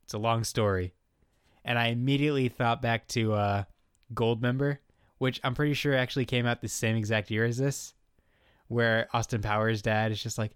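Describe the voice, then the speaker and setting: Brief: male podcast co-host, laid-back joker, dry close mic, mid pitch. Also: fairly even intonation, moderate pace, clear, resonant tone, no room sound. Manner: joking, laid-back storyteller. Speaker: podcast co-host recapping a TV episode. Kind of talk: casual comedic recap chat.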